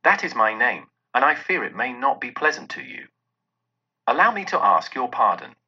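A man voicing an excitable old miser who has turned generous, reading in a husky, lively way. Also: mid-range voice, normal speed. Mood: eager. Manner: eager, excited. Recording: dull lo-fi recording.

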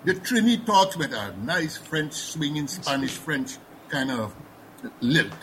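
Guyanese male panelist, slightly higher pitch, halting and reflective, faint noise under the voice. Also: very animated, a bit bright, rough recording. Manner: thoughtful, many fillers and restarts. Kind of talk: panel discussion.

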